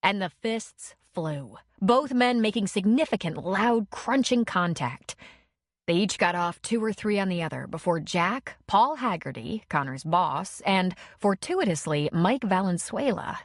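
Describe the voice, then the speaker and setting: A woman reading an audiobook in measured, expressive narration. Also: on the low side, dry recording, clean studio sound. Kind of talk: scripted narration.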